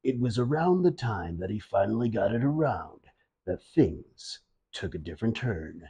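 A man voicing a grave, hushed male storybook narrator who speaks in a solemn, slow and dramatic way. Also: on the low side, very animated, creaky, breathy edge, dry recording, heavily acted. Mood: ominous.

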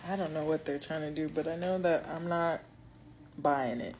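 A woman's voice: deep voice, fairly even intonation, moderate pace, a little mellow, faint music behind, poor audio. Hesitant woman trailing off.

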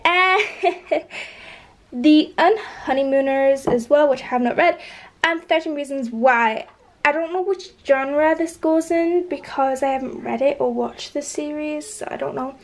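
A woman chatting in a bubbly, rambling way as a book vlogger. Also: sits high. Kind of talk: chatty vlog.

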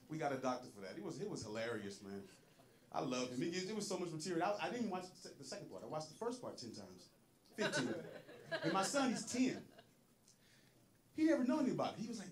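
A man's voice: on the high side, very animated, quick pace. A man doing a stand-up comedy set, acting out quotes and laughing often as he tells the story. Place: comedy club stage. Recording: echoey club with audience. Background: crowd laughing.

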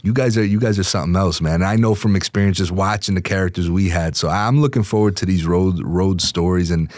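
Low-voiced male podcast host, dry sound. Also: fairly quick, a little mellow, dry recording. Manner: joking, hedges with repeated disclaimers. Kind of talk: casual podcast chat.

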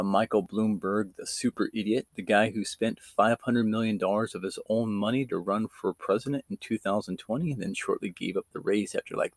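A man's voice: fairly low pitch, dry recording, clean studio sound. Angry, profane middle-aged man ranting. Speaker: vlogger. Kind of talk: ranting vlog monologue.

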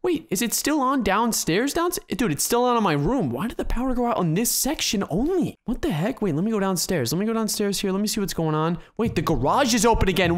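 A young man with a high voice commentates his game role-play in a panicky, excitable rush. He shouts often and fills his talk with "bro" and "dude". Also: brisk, hardly any pauses, faint music behind. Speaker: gaming YouTuber.

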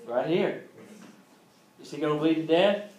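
A man's voice: fairly high pitch, measured pace, darkish tone, reverberant, poor audio. A man teaching an EMT class in a casual lecture style, joking and acting out scenes as he goes. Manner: joking, acts out scenes with voices. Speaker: EMT instructor.

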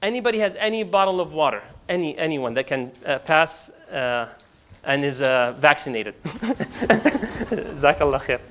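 A man's voice: fairly high pitch, unhurried, a little hiss or hum. A man teaching a religious class to a live audience, telling stories with humor and acting out the dialogue. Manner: animated, humorous, acts out dialogue. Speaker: Islamic teacher. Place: mosque hall with a live audience.

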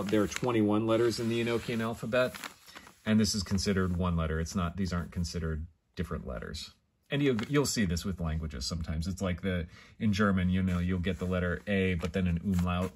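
A man with a notably deep voice walks through a lesson in an easygoing, conversational way. He often stops mid-phrase, restarts, and fills gaps with small hesitations. A faint hiss of noise sits under the recording. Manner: rambling, self-correcting, thinks aloud with many fillers. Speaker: teacher of an esoteric alphabet. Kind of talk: casual explanatory lesson.

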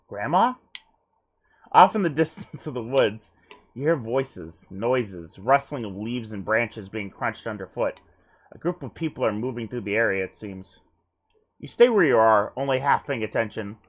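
A man's voice: medium pitch, fairly bright tone. Man streamer reading a text adventure aloud. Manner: joking asides between narration.

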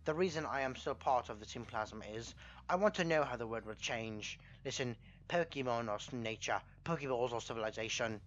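A man's voice: medium pitch, fairly quick, fairly bright tone, close to an everyday voice. A man reading out a pompous male villain's lines in a theatrical voice, stumbling over the words now and then. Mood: grandiose. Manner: theatrical, stumbling dramatic reading of game text. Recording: slightly muffled, game music behind.

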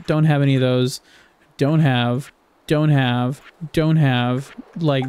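A man's voice: fairly high pitch, a little mellow. Joking, swearing man playing a game. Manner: joking, swears freely, rambling asides. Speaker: gaming video creator. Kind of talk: casual gameplay commentary.

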